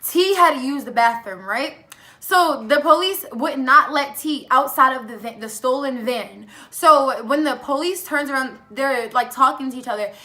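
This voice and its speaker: A teenage girl chats through a storytime vlog, her voice high and bright. She talks loosely, full of fillers, and acts out what people said along the way. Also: normal speed. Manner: animated, acts out quoted lines with fillers. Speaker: vlogger. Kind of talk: casual storytime.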